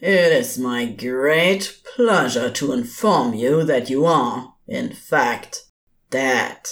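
A man voicing a bored, gleeful male ghost in a fan audio drama, slow and teasing. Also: medium pitch, a bit bright. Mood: flippant. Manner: flippant, teasing. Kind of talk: podfic voice acting.

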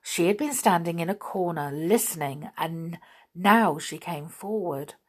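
A woman narrating a children's storybook in a gentle, even storytelling manner. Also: fairly low pitch, a little slow, breathy edge.

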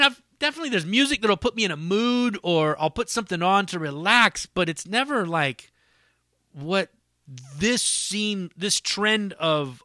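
A man's voice: high-pitched, pushed and bright, no echo, studio quality. A man hosting a solo podcast in a casual, rambling, profane way with lots of fillers. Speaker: podcast host.

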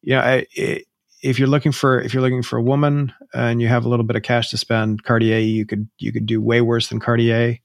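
A man's voice: mid-range voice, level tone, creaky, no echo, clean studio sound. A man co-hosting a podcast in casual chat, rambling with frequent restarts. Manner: rambling, restarts often, drawn-out phrases. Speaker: podcast co-host.

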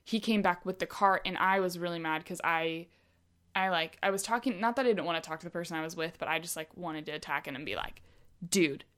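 A woman's voice: lowish voice, brisk, fairly bright tone. A young woman telling a story in casual chat, chatty with many fillers.

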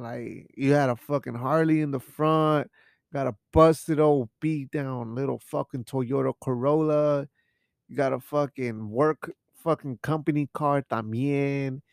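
A young man hosts a podcast from a home studio, rambling casually, swearing and mixing in Spanish words. His mid-range voice is creaky and a little mellow, with no room sound in the recording.

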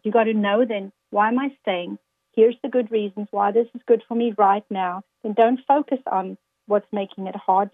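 A woman's voice: fairly high pitch, dry recording. A woman guest speaker talking earnestly in a faith-based interview, quoting scripture to motivate listeners. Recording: tinny phone-like line.

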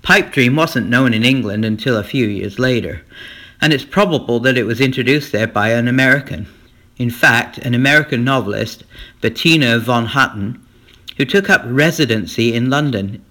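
A man's voice: mid-range voice, normal speed, bright, forceful tone. A man hosting a comic podcast, telling jokes and chuckling at his own punchlines. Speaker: podcast host.

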